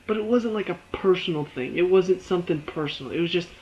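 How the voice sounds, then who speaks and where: A man's voice: high-pitched, fast, a little mellow, lo-fi sound. A young man reviewing a TV episode in a casual, rambling way, laughing often and acting out his own reactions.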